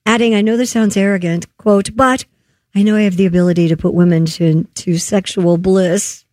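A woman on a radio-style talk show reads out odd news stories at a middle pitch. She stops now and then to joke, and the close studio mic leaves the sound dry. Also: steady tone, normal speed, a little mellow, no echo. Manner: reads stories aloud, breaks off to joke and laugh. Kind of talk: reading offbeat news with banter.

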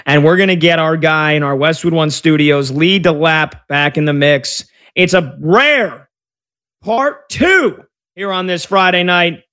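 A man's voice: on the high side, a little slow, bright, forceful tone. A man hosting a sports radio show, chatting energetically and joking with his producers.

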